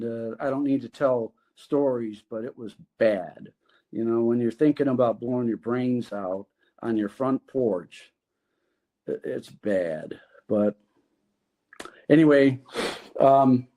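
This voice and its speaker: A man telling his recovery story as a podcast guest, candid and halting, with pauses. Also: medium pitch, steady tone, dark tone.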